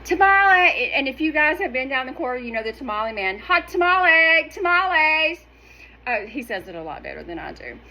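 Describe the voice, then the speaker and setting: A middle-aged woman, talking straight to her viewers in a sassy, animated, emphatic way. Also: a little high, fast talker, vocal fry, few pauses, low-quality recording. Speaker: wellness vlogger. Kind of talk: casual direct-to-camera talk.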